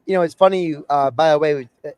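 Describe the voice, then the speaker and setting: A man's voice: a little high, fast talker, darkish tone, smooth, dry recording. A man hosting a sports radio show, chatting animatedly with guests and reading sponsor copy.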